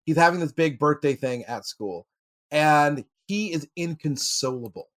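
Man, higher pitch, chatty podcast storyteller, lots of uhs and laughs. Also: unhurried. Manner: storytelling with many fillers and laughs. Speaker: podcast panelist. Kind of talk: casual chat.

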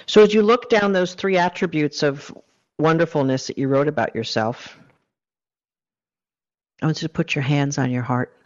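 A man's voice: fairly high pitch, normal speed, long pauses. A man giving a motivational self-help talk, coaching the listener earnestly through a guided exercise. The recording sounds dull and lo-fi.

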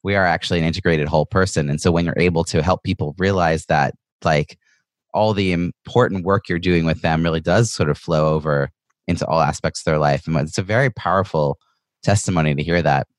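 Male podcast host, very deep voice, thoughtful, affirming interviewer, dry close sound. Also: brisk, no room sound. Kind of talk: interview conversation.

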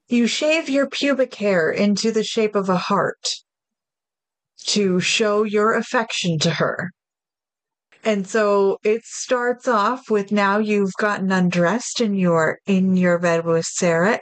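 A woman's voice: mid-range voice, no echo. A woman co-hosting a casual podcast chat, talking frankly and unhurriedly about games. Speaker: podcast co-host.

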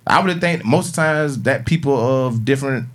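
A man's voice: medium pitch, normal speed, a bit bright. A man co-hosting a podcast, talking casually and animatedly, asking questions and mimicking voices. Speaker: podcast co-host. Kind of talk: casual chat.

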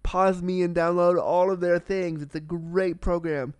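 A man hosting a solo podcast in a casual, candid and excitable way, swearing freely and talking with a slight cold. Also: sits high, measured pace, smooth, dry recording. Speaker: podcast host.

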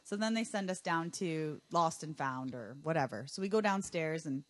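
A young adult woman, a podcast guest, telling a travel mishap story in an animated way and acting out her own panicked lines. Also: low voice, normal speed. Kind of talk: casual storytelling chat.

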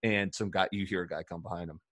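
Man, very low voice, casual podcast host, rambling, laughs between lines, dry close mic. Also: fast talker, no room sound. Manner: rambling, animated, laughs while telling stories. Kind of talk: casual storytelling chat.

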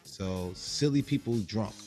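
A man co-hosting a podcast in casual banter, boisterous and joking, often loud. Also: on the low side, measured pace, soft background music. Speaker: podcast co-host.

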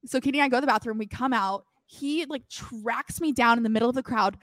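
A woman in her twenties, a podcast co-host telling a story in a casual, animated way, full of "like". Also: on the high side, fast, no echo. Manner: animated, filler-heavy storytelling with lots of "like".

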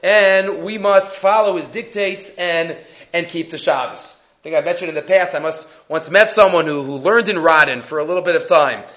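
A man's voice: on the high side, normal speed, a bit bright. A man teaching a religious class who tells stories and translates each verse as he goes, heard in an echoey, dull recording.

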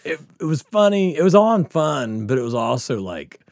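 A man's voice: on the high side, big pitch swings, normal speed, no echo, studio quality. A man casually telling a profane, laughing story from his school days on a podcast.

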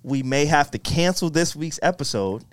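A man's voice: fairly high pitch, animated, moderate pace, smooth, no room sound, clean studio sound. A man co-hosting a podcast, teasing and bantering playfully. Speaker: podcast co-host. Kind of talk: casual podcast chat.

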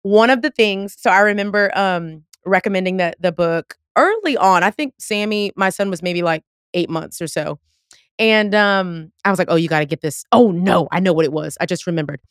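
A woman's voice: lowish voice, normal speed, no echo, studio quality. A woman in her thirties hosting a podcast, chatting casually and effusively, quoting herself as she goes. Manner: effusive, talks through laughs and quotes herself. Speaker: podcast host. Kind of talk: casual chat.

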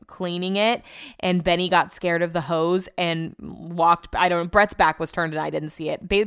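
A woman's voice: lowish voice, smooth, no room sound, clean studio sound. A woman hosting a podcast, chatting casually and telling stories with lots of "like.". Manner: chatty storytelling with frequent "like". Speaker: podcast host. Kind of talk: casual chat.

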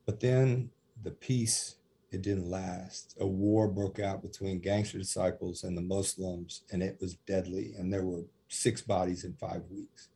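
Animated man telling stories, dark husky voice. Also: deep voice, unhurried. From USA. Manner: animated storyteller, acts out quotes with laughs. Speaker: prison minister. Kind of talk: storytelling in a podcast interview.

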